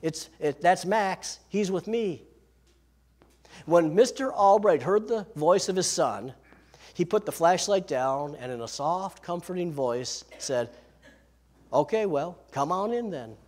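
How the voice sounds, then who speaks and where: A man preaching a sermon, lively and slowing down on key phrases. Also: high voice. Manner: lively preaching, slows for emphasis. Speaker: pastor.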